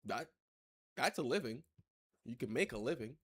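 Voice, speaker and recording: A man talking over a game he is playing, loose and unscripted. He rambles, swears freely and slides into sarcasm, his voice sitting at an ordinary middle pitch. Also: lively intonation, normal speed, a bit bright, husky. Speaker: gameplay commentator. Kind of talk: casual let's-play commentary.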